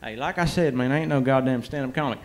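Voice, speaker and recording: A man's voice: mid-range voice, fast talker. A man talking on a comedy roast stage, rowdy, crude and boastful, swearing constantly into a handheld mic. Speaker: guest fighter at a comedy roast. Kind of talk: profane improvised stage banter. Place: comedy club stage with live audience.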